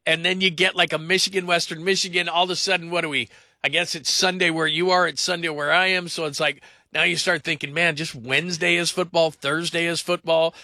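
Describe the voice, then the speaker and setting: High-voiced energetic sports radio host man. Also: a little fast, dry recording. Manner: energetic, rambling, mimics people in voices. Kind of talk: call-in sports talk.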